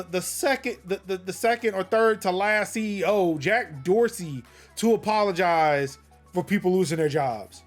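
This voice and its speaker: High-voiced, indignant man host. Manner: animated, indignant, trailing off and restarting. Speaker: podcast host. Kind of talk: casual chat.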